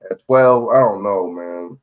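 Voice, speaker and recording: A man's voice: on the low side, measured pace, muffled recording. A man hosting a live stream, reacting to a news clip in rambling, profane casual chat full of questions.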